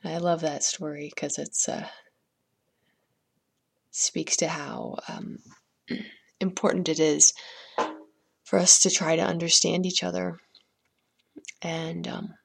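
A woman hosting a podcast, chatting with a guest and gently telling a folktale. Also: lowish voice, little pitch movement, slow, vocal fry, long pauses, slightly rough. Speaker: podcast host and storyteller. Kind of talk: podcast chat and folktale storytelling.

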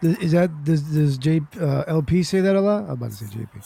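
A man's voice: on the high side, fast, vocal fry, warm tone, husky. A man from New Jersey co-hosting an internet radio show, chatting and joking with the group. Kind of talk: casual group banter.

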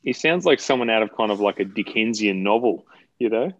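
A man's voice: on the low side, animated, brisk, fairly bright tone. Joking man, dull lo-fi mic. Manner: joking banter. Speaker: podcast co-host. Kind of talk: casual podcast chat.

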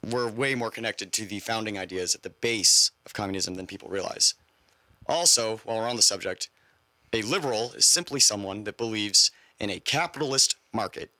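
A man holds forth on a casual podcast, swearing freely as he lectures. His voice is very bright and sits in a dry, close space. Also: on the low side, dry recording, low-quality recording. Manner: profane, lecturing asides. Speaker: podcast co-host.

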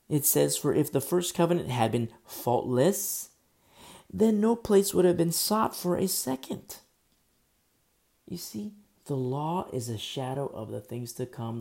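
Gravelly, mellow-voiced man preaching. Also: medium pitch. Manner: conversational preaching, swings between loud emphasis and quiet asides. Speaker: pastor. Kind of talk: sermon.

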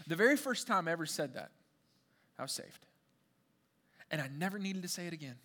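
A young man delivers a sermon in a high, bright voice. He preaches in an animated, conversational way and keeps turning to the crowd with questions. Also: a little fast, long pauses. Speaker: pastor.

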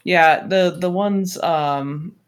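A podcast co-host in casual chat, blunt and quick to correct others, swearing freely. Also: medium pitch.

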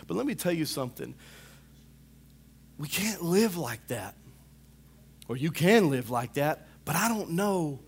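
A man preaching a sermon, animated, rising to loud calls and dropping to hushed asides, often saying "come on" to the congregation. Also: on the high side, slight background noise.

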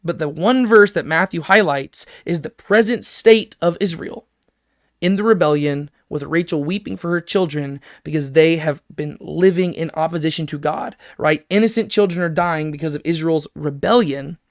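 A man's voice: on the high side, moderate pace, no echo, clean studio sound. A man teaching a Bible lesson, reading verses aloud and explaining them, checking in with "right?" as he goes. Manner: explanatory, reads scripture aloud, frequent "right?" check-ins. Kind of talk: scripture lesson.

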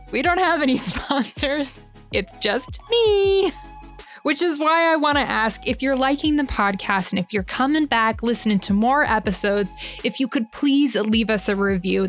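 A woman hosts her podcast in a loose, chatty way, laughing often as she talks. Her voice sits fairly high. Soft music plays faintly behind her. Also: expressive, unhurried. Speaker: podcast host. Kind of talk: casual chat.

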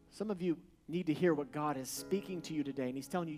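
A man preaching a sermon, repeating short refrains and building to loud, emphatic peaks. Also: on the high side, fast, hardly any pauses. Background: soft guitar music.

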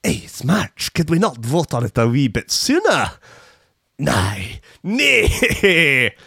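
A man voicing a grumpy Scottish father who loves smacking his child, in an exaggerated, high, whining put-on Scottish accent. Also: very animated, slow, gravelly, bright, forceful tone, breathy edge, dry recording, clean studio sound, heavily acted. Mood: indignant whining. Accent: Scottish, put on badly. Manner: exaggerated, high, whiny complaining.

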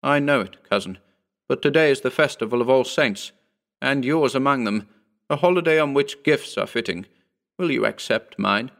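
A man's voice: medium pitch, normal speed, fairly bright tone, lightly acted. A man reading a story voices an earnest, pleading young nobleman who is proud but fearful.

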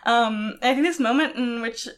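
A woman's voice: a little high, normal speed. A woman co-hosting a podcast, chatting casually and animatedly about a story, laughing often and using lots of filler words. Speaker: podcast co-host.

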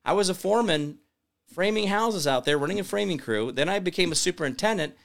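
Male talk host, folksy and rambling monologue, slightly high voice, preachy pep-talk delivery. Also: animated, a little fast, gravelly, fairly bright tone. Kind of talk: casual livestream monologue.

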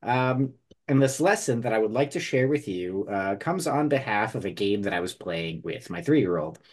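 A man on a casual podcast delivers a story in a mock-solemn tone. His voice is husky and moves up and down in pitch with plenty of life. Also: animated, moderate pace. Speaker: podcast co-host. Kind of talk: casual chat.

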